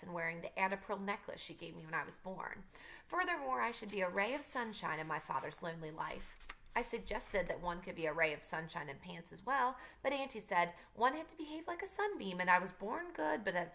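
Gravelly-voiced teacher reading a novel aloud. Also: female voice, medium pitch. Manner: steady storytelling, casual asides.

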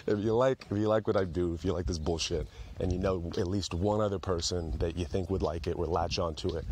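A man's voice: deep voice, steady tone, fairly quick, a little mellow, a little hiss or hum. A young man hosting a solo comedy podcast, rambling and cursing with self-mocking humor. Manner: rambling, profane, self-mocking comic delivery.

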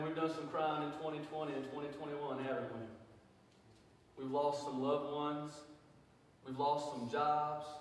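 Pastor guy preaching hard, highish voice, big echoey church, kinda far from the mic. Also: a little hiss or hum. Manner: builds from low and quiet to loud, fervent preaching. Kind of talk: sermon. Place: large church sanctuary. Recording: echoey hall, mic from a distance.

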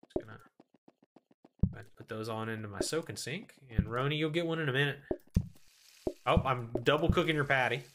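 A man's voice: mid-range voice, fairly quick, long pauses, heavy background noise. A man streaming a cooking game solo, giving playful running commentary to his chat and talking himself through the chaos. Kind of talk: live gameplay commentary to chat.

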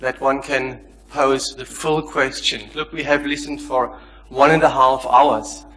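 A man's voice: mid-range voice, fairly even intonation, measured pace, a bit bright, slight background noise, low-quality recording. A man in the audience putting a long question, polite but persistent, reading scripture aloud. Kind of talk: formal question from the floor.

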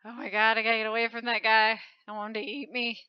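A woman hosting a channel, giving excited commentary as she plays a game, gushing and squealing at close calls. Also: fairly high pitch, fast, clear, resonant tone, no room sound, lo-fi sound. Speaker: channel host.

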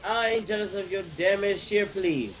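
A man's voice: high-pitched, normal speed, a bit bright. A young man in casual gaming voice chat, bickering and swearing offhandedly. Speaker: gamer on voice chat.

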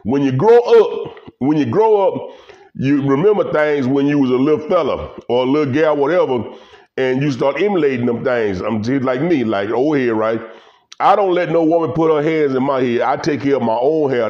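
In a brisk, mid-range voice, an older Louisiana man rambles to his viewers with casual, folksy commentary, animated storytelling and bursts of laughter. The high frequencies are cut off in this vlog audio.

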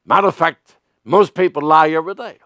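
A man's voice: fairly high pitch, brisk, sharp tone, no room sound, clean studio sound. A man preaching a sermon as pastor, acting out everyday exchanges in raised voices. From Europe.

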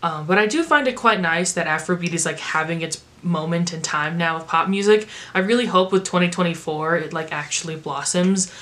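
An American woman in a rambling, chatty vlog voice, pitched a touch low for a woman. She reviews music casually and leans on filler words. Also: a little fast, few pauses, fairly bright tone.

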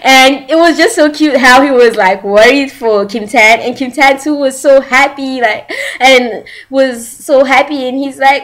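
A woman's voice: on the high side, normal speed, a bit bright. A young woman who speaks English as a second language, gushing in a casual chat as she reviews a drama. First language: not English. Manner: gushing, chatty, giggly.

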